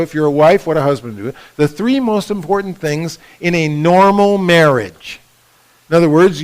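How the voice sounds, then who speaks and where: A man with a fairly high voice gives a relaxed, conversational teaching talk to couples at a retreat. He keeps checking in with his listeners, tossing out "right?" and "okay?", and slips into acted-out voices of husbands and wives as he talks. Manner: acts out quoted spouses in raised voices. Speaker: retreat speaker. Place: retreat conference room.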